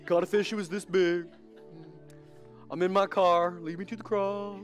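A man's voice: high voice, flat delivery, moderate pace, faint music behind, close to an everyday voice. Man mumbling as a half-hearted churchgoer. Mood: bored. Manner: mumbled, offhand. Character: half-hearted churchgoer going through the motions.

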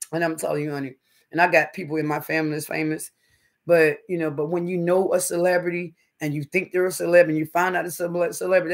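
Guy hosting a livestream, kinda high voice, lively storyteller, says honey and baby a lot. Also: creaky. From North Carolina, US. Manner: animated storyteller, calls viewers honey and baby. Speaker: livestream host. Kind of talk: casual live-stream chat with viewers.

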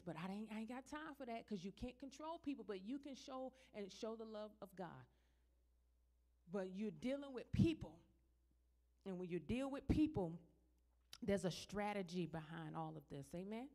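A middle-aged woman minister preaching a sermon in a church, talking plainly to the congregation and then building to loud, high, emphatic passages. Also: animated, normal speed.

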